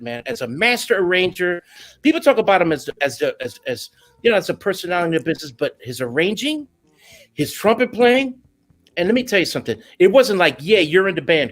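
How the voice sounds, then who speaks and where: A man telling stories in a casual interview, animated and laughing, dropping in Spanish phrases. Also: high-pitched, a little fast. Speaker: guest musician.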